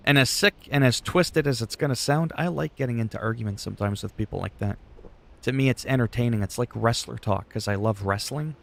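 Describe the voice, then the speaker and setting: A man's voice: medium pitch, brisk, gravelly. Blunt man streaming. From Canada. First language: French. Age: 40s. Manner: blunt, profane, joking. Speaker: livestreaming gamer. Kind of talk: casual livestream chat.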